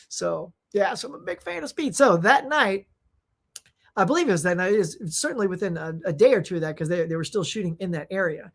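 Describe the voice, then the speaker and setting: A middle-aged woman hosts a casual live question-and-answer show, her voice worn as she is losing it. She rambles through animated stories, full of fillers and restarts, at an ordinary middle pitch. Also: fast talker. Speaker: host.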